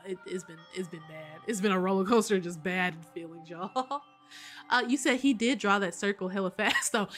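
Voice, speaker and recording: A woman chatting casually while streaming a game, animated and quick to laugh and swear, greeting her viewers. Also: medium pitch. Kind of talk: casual live game commentary.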